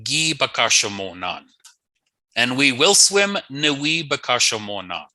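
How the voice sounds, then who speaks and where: A male teacher walks through a language lesson at an unhurried pace, repeating each new word twice and tossing in playful asides. His voice is bright and lively, swinging up and down, and the recording is dry and close. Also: medium pitch, no echo, low-quality recording.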